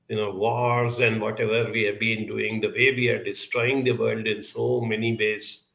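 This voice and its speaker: Brief: male self-help speaker, gravelly and bright-toned, measured and earnest, echoey room. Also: medium pitch. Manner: measured, earnest, many pauses and fillers. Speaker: self-help speaker answering viewer questions. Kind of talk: reflective talk.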